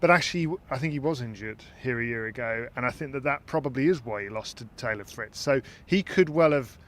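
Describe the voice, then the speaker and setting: A man chatting as a podcast host, mid-pitched and conversational. He thinks aloud, stumbling and repeating small words as he works out his point. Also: expressive, fast. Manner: thoughtful, repeats words while searching for phrasing. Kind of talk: casual discussion.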